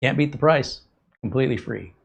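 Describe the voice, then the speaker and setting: A man's voice: medium pitch, vocal fry, husky. A male tech show host chatting casually and jokingly, often hesitating with ums and uhs. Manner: hesitant, joking, fills pauses with um and uh. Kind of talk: casual demo chat.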